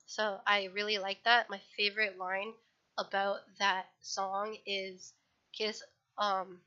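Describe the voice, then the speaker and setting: A woman talks casually on a livestream, her voice bright and fairly flat in pitch. She rambles, restarts sentences and corrects herself. The sound is dull, like low-fidelity stream audio. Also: slow pace.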